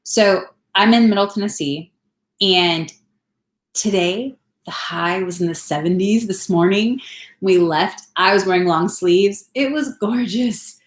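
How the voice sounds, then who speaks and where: A woman's voice: medium pitch, measured pace, echoey room. A woman in her thirties from California, chatting casually on a home live stream, rambling and laughing often. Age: 30s. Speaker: vlogger. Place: home, indoors.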